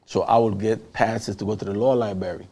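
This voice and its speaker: A man from Panama with a Panamanian Caribbean English accent, a guest telling his story in an animated way and acting out the voices of people he quotes. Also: lowish voice, brisk. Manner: acts out quoted voices, laughs often. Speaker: interview guest.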